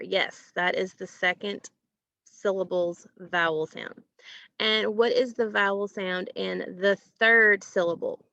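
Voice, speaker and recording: Slow, patient woman teacher with gravelly voice. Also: medium pitch, fairly bright tone, no room sound, highs cut off. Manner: slow, patient, asks questions and pauses for answers. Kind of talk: recorded phonics lesson for children.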